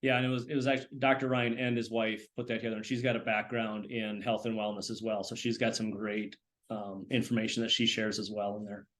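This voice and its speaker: A man helps run a live online session, speaking over a video-call mic. His manner is relaxed and easygoing, and he chuckles readily between remarks. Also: fairly low pitch, fast. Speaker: co-host, moderator.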